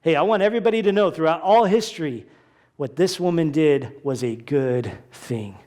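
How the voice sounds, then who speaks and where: Pastor, male, high voice, conversational sermon delivery, acts out quoted voices. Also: moderate pace, a little mellow.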